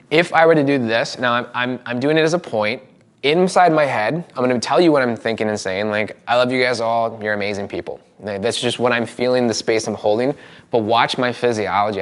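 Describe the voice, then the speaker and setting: Addressing a room full of attendees, a male NLP trainer runs a live seminar with lots of energy and demonstration, throwing in rapid side comments. He speaks at a medium pitch.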